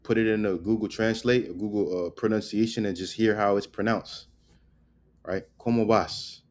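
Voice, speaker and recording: A man giving a casual spoken language lesson, loose and repetitive, tagging "right?" onto his points and drilling words slowly. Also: fairly low pitch, fairly even intonation, a little mellow, slight background noise. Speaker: language teacher.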